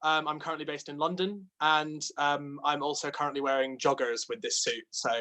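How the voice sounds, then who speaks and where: A young man in his twenties introducing himself on a video call, relaxed and poking fun at himself. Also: fairly high pitch, brisk. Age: 20s. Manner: relaxed, self-mocking. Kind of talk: casual chat.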